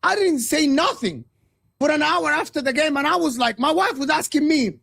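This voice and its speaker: A man's voice: extremely high pitch, expressive, a little fast, gravelly, fairly bright tone. A man from Egypt, a guest football pundit, ranting passionately about football on a live stream and repeating his points.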